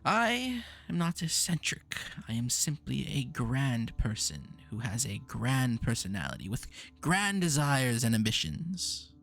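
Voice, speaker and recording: A man voicing a grandiose, eccentric male mage who is touchy and theatrical, with a lively gravelly voice. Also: medium pitch, unhurried, few pauses, soft background music, heavily acted.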